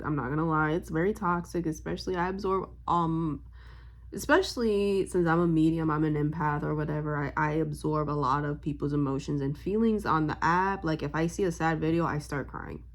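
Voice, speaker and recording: Young woman vlogger, slightly low voice, rambling storytime chat full of fillers. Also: moderate pace. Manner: rambling, heavy on fillers, loses her train of thought; emotional and upbeat, smiling while talking. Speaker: vlogger and spiritual reader.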